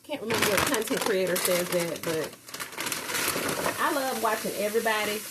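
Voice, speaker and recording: A woman's voice: mid-range voice, moderate pace. Chatty woman cooking over sizzling pan. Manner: chatty, addresses viewers as "y'all", excitable exclamations. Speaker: home cook vlogger. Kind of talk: casual cooking vlog chat. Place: home kitchen. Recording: kitchen sizzle and frying noise behind.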